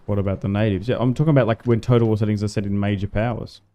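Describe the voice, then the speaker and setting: Australian man, gaming livestreamer, rambling chatty commentary, mellow dark tone, faint music underneath. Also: on the low side, steady tone, very fast. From Tasmania, Australia. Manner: rambling, chatty, greets and answers chat, many "like" fillers. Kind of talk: casual livestream commentary while playing.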